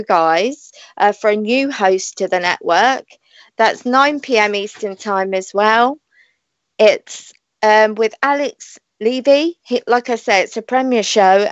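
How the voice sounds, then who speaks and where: A British woman hosts a live internet radio show from home, chatting away in a loose, rambling manner with plenty of laughter. Her voice sits at an ordinary middle pitch. The sound is dull and lo-fi, yet dry and close, with no room echo. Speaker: radio show host and psychic reader. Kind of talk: live online radio chat.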